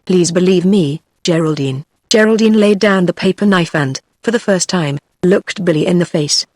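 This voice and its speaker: A text-to-speech woman's voice with a British English accent, reading a novel aloud in even, machine-paced narration. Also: fairly low pitch, normal speed, no echo, studio quality. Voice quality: even, machine-read delivery. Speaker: audiobook narrator. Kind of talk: synthetic audiobook narration.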